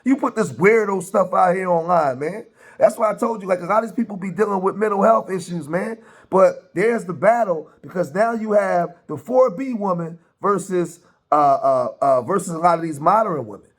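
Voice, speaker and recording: Man, high voice, chatty reaction commentary, many fillers. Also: a little fast. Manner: chatty, many fillers and repeats, laughs often. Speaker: commentary host reacting to clips.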